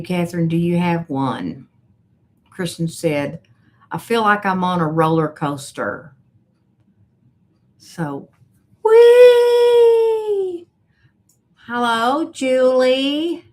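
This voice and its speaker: Slow, low-voiced woman chatting. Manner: chatty and unhurried, with soft laughs. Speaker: life coach hosting a live stream. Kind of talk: casual live-stream chat, reading viewer comments aloud.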